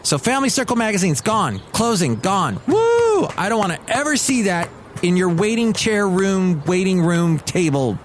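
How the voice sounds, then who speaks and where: A man hosting his own solo podcast, rambling in a casual, excitable, grumpy joking manner. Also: sits high, normal speed, slight background noise. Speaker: podcast host.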